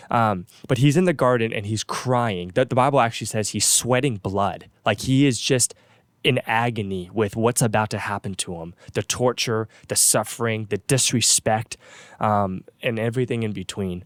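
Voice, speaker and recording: A man's voice: fairly low pitch, normal speed, clean tone, dry recording, clean studio sound. A man who is a pastor and co-host, talking through a Bible story in an earnest, casual sermon-like way, often restarting and repeating words. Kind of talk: casual faith talk, sermon-like retelling.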